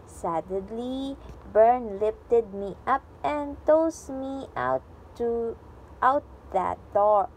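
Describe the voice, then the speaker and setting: A woman reading a children's storybook aloud, slowly and expressively, pausing to react to the story. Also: a little high, expressive, a little mellow, a little hiss or hum, rough recording. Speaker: storybook reader.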